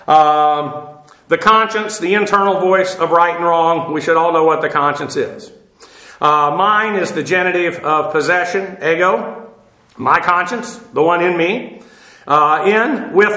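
Bright-voiced man teaching Bible in an echoey room. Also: sits high. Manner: spells out Greek words letter by letter, many fillers.

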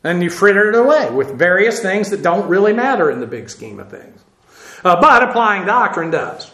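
Male Bible teacher, high, bright voice, echoey room, walks through Greek grammar, spells terms aloud, lots of "uh". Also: big pitch swings, normal speed. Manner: explains Greek grammar, spells words out letter by letter; frequent "uh" fillers, self-deprecating asides.

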